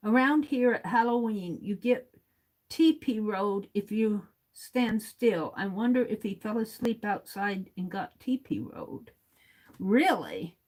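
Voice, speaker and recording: A woman hosting a casual livestream, reading viewer comments aloud, chuckling often and thinking out loud. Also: a little high, low-quality recording. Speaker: livestream host.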